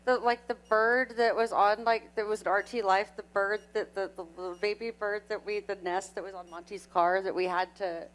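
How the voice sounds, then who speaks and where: A woman's voice: mid-range voice, steady tone, normal speed, few pauses, poor audio. A woman voice actor on a convention panel, telling a rambling anecdote full of restarts. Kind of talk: casual panel chat. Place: convention stage.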